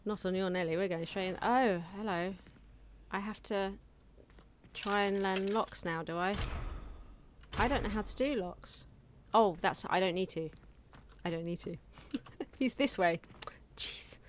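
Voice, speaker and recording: A woman's voice: medium pitch, unhurried, slight background noise. A woman chatting casually and giggling as she live-streams a video game from home on a desk mic. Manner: chatty, giggly, talking to chat while playing.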